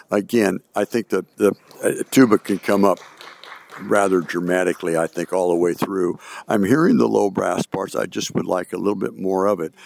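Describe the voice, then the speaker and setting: A man's voice: deep voice, normal speed, gravelly. An older man, a retired band director, giving spoken comments on a band's performance and singing out phrases to show how they should sound. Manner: sings and scats passages to show phrasing. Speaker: band adjudicator. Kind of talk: recorded band clinic comments. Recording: music playing loudly underneath. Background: band music playing.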